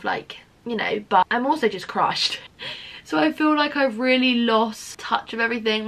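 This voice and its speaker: A woman's voice: mid-range voice, fairly bright tone. A young woman talking straight to camera in a candid, self-mocking vlog, swearing freely. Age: young adult. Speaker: vlogger. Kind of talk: casual chatty vlog.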